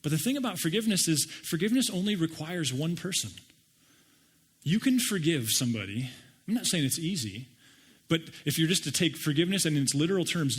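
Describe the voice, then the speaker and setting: A middle-aged man preaching a sermon and telling personal stories with animated, self-deprecating humor. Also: a little high, husky. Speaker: pastor.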